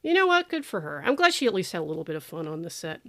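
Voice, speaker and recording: A woman's voice: on the low side, sing-song, racing, fairly bright tone. Woman co-host, casual podcast banter, sarcastic, filler-heavy delivery. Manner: chatty, sarcastic, lots of fillers. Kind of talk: casual movie-review chat.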